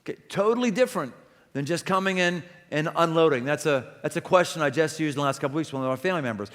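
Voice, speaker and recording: A man preaching a sermon as pastor, emphatic and building to loud repeated exclamations in a church auditorium. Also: on the high side, lively intonation, quick pace, big-room sound.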